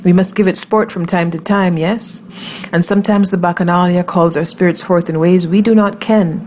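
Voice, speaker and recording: Brief: a woman doing an ancient male snake charmer, croaking, formal, lowish voice. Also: fairly even intonation, normal speed, a little mellow, a little hiss or hum, close to an everyday voice. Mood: rueful. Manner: croaking, formal, liquid vowels.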